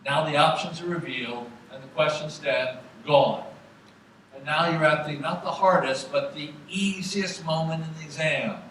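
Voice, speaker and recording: An emphatic man lectures a hall of students, pressing his points hard and firing questions at the room. His voice is bright and sits a bit high. It rings with heavy reverb, picked up from a distance, over a faint hiss. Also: moderate pace. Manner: emphatic, direct, rallying the audience. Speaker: exam prep lecturer. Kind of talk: live seminar lecture to students. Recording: very echoey hall, voice from afar.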